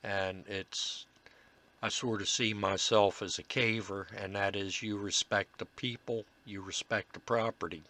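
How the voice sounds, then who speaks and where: A slow-talking man with a lowish voice and a sharp, bright edge to it. He explains his paranormal investigation recordings in an earnest, reflective way, pausing often on fillers as he gathers his thoughts. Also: steady tone. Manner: halting, many filler pauses. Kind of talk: narrated commentary over recordings.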